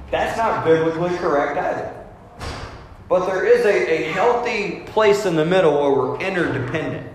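A man preaching in a big church space, and his fairly high voice rings out through a very echoey hall with a long reverb tail. He is emphatic and conversational. A faint hum of ambience sits behind him. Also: moderate pace. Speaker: pastor. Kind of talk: sermon.

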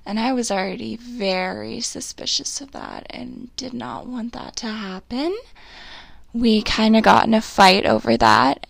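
Young woman podcast host, confessional rambler, close dry mic, a bit high-pitched. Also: gravelly, no echo. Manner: candid, swearing, rambling oversharing. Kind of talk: confessional solo podcast chat.

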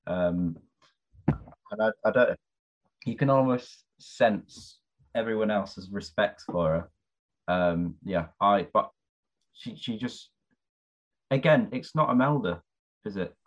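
A man co-hosting a podcast, speaking in a low-key, hesitant way. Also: animated, takes it slowly, pauses often. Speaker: podcast co-host. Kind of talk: casual chat.

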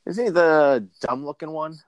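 A man's voice: moderate pace, dry recording, lo-fi sound. Rambling, joking podcast co-host man. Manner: rambling, crude joking, many fillers and restarts, jumpy pitch. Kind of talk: casual podcast banter.

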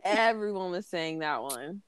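A woman's voice: fairly low pitch, expressive, measured pace, a loud crowd. A young woman co-hosting a podcast, chatting casually, teasing and laughing a lot. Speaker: podcast co-host. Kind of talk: casual chat.

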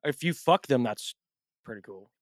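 A man's voice: mid-range voice, lively intonation, moderate pace, no echo. Laid-back young guy, casual chat. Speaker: podcast co-host.

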